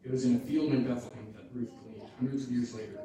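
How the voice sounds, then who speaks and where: A man's voice: mid-range voice, steady tone, fast talker, a crowd in the background. A male pastor preaching and making informal asides to his congregation, heard far off in an echoey church hall. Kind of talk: sermon.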